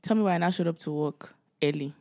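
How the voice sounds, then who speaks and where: Young woman kinda low voice, chatting on a podcast, acts out every convo she tells. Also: quick pace, dry recording, clean studio sound. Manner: animated storytelling, acts out quoted dialogue. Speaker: podcast co-host. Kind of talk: casual chat.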